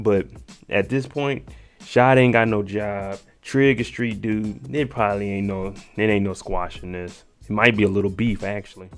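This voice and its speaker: A man giving a casual, joking recap of a TV episode, talking slangy and aside to the viewer. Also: lowish voice. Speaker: TV recap host.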